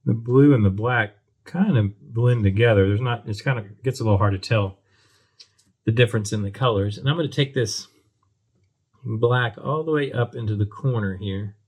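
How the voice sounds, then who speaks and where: Low-voiced man talking through a model build. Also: moderate pace, breathy edge. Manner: relaxed, thinking aloud with many ums and restarts. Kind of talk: casual build tutorial talk. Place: workbench at home.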